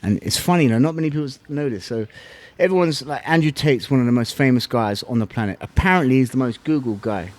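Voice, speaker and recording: A man's voice: medium pitch, expressive, fast talker, few pauses, no echo. A man, a former fighter and podcast guest, telling his story bluntly, swearing and using slang. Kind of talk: casual interview talk.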